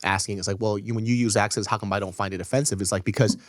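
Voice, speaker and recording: A man's voice: on the low side, steady tone, very fast, no room sound, studio quality. A man in his thirties co-hosting a podcast, speaking earnestly and thoughtfully in casual chat. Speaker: podcast co-host.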